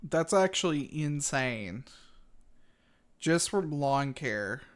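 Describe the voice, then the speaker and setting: A streamer watches a video and chimes in with brief, casual reactions, sometimes speaking to chat. The voice sits at a middle pitch and the delivery stays relaxed and offhand. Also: very slow.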